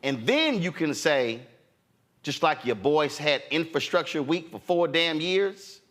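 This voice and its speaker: A man's voice: on the high side, lively intonation, unhurried, a bit bright. Fiery man ranting on a talk show. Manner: fiery, preachy, acts out voices of politicians. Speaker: political talk show host. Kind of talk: impassioned political commentary.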